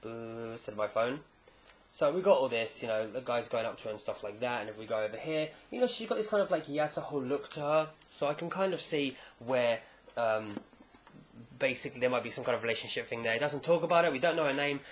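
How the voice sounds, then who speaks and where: A man casually recapping a comic chapter, rambling and animated, with jokey asides. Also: mid-range voice, fast talker. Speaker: manga chapter reviewer.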